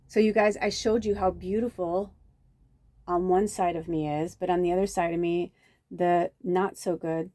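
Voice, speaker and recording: A woman's voice: fairly low pitch, warm tone. A woman reading oracle cards and telling myth in a chatty, casual spiritual style, talking from home near a busy road. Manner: chatty, swears, many fillers. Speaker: psychic reader.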